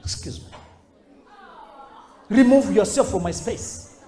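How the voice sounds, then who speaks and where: A middle-aged man giving a motivational speech to high school students and acting out the people he quotes. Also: slow. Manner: animated, acts out quoted voices. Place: school hall. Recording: echoey hall.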